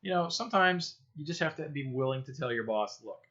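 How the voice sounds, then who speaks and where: A man hosting his own podcast alone, telling stories in a profane, sarcastic way and swinging between loud outbursts and mutters. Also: fairly high pitch, lively intonation, brisk, hardly any pauses, dull audio. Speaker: podcast host. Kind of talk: casual solo podcast monologue. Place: home room, low-quality setup.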